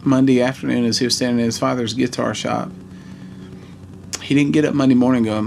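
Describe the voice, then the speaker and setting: A man in his forties telling a heartfelt personal story in a vlog, earnest and halting. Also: mid-range voice, flat delivery, gravelly, noisy background. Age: 40s. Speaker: vlogger.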